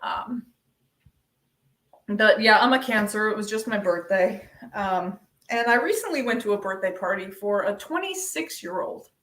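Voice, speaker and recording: A young woman doing a deadpan stand-up set over a video call, with many ums. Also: medium pitch, normal speed. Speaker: stand-up comedian. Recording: echoey room, distant from mic.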